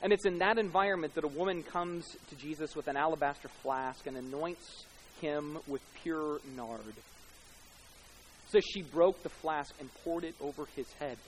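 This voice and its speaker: A man preaching a sermon as pastor, swelling louder and slower on key points. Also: slight background noise, rough recording. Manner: rises in pitch and loudness for emphasis, slows on key words.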